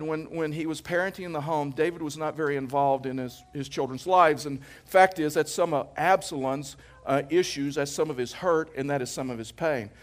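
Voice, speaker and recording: Pastor with a fairly high, conversational voice. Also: male voice. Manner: conversational, anecdotal preaching with jokes; emphatic, repeats phrases for effect. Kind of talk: sermon.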